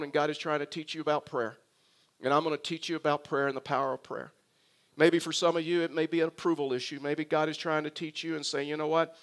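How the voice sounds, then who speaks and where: Male pastor, higher register, earnest emphatic preacher who repeats for effect. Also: a bit bright. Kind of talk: sermon.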